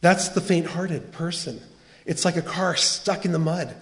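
Male pastor, sermon delivery, earnest and animated, slightly high voice. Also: a little slow. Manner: earnest, animated storytelling with quoted dialogue.

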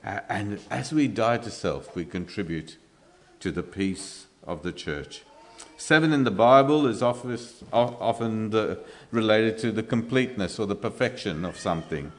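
A man's voice: on the low side, expressive, normal speed. A man preaching a sermon in an earnest way, often stumbling and restarting with filler sounds.

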